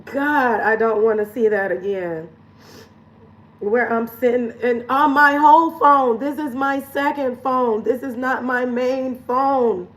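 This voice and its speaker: A woman's voice: a little high, steady tone, takes it slowly, far from the mic, poor audio. Earnest, emotional woman coach. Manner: emotional and earnest, repeats phrases for emphasis; laughs between phrases. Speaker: lifestyle coach. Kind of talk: candid confessional vlog.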